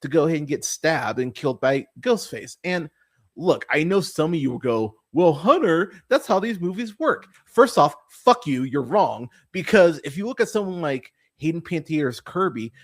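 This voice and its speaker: Man, podcast host, exasperated profane rant, somewhat high pitch, very lively intonation. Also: normal speed. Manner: animated, swearing, exasperated. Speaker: movie review podcast host.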